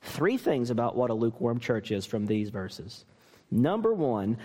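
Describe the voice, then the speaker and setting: Animated man preaching in a reverberant hall. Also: mid-range voice, takes it slowly. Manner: animated storytelling with self-deprecating humor. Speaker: pastor. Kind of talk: sermon.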